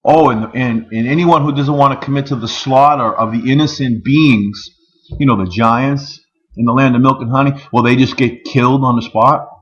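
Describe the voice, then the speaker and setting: A man rants into the camera in an angry, profane vlog, firing off one rhetorical question after another. His voice sits at an everyday middle pitch. The recording sounds slightly dull and lo-fi. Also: normal speed. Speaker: vlogger.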